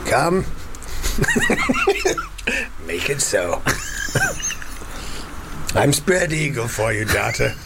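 A man voicing a lonely, lovesick male starship captain in a theatrical, breathy parody. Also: medium pitch, wildly swooping pitch, very slow, long pauses, heavy background noise, full character voice. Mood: longing.

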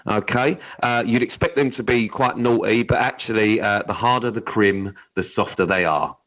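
A low-voiced man co-hosting a chatty podcast. He talks bluntly and swears freely, teasing his co-host while reading out odd news stories. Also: moderate pace, fairly bright tone, poor audio. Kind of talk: casual chat, reading news items.

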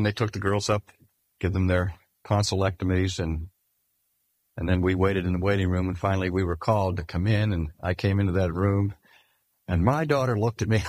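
An older man preaching a sermon in a measured, emphatic way, slowing down to stress key phrases. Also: mid-range voice, dry recording. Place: speaking at a cancer hospital.

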